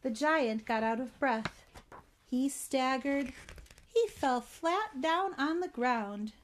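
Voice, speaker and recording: Slow, expressive woman storyteller. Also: high voice, slight background noise. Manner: expressive, with spoken sound effects. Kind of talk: storytelling for children.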